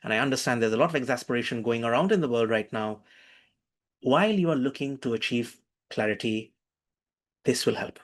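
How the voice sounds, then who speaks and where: A man speaking over a video call as he teaches an online workshop. He is animated and keeps repeating his instructions, steering the group through slow breaths. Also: medium pitch. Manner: animated, calls for attention, repeats phrases.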